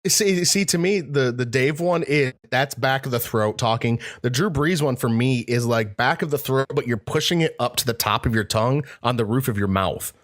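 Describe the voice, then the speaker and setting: A man co-hosting a casual podcast who explains things at length and talks his ideas through. His voice sits at a middling pitch for a man. The chat is easygoing. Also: moderate pace, few pauses, a bit bright. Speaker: podcast co-host.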